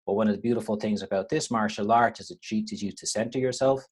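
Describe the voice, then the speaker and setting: Irish man with a low voice on a video call. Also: fast, breathy edge. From Ireland. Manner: relaxed, rambling, with frequent restarts. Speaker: university lecturer. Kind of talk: webinar talk.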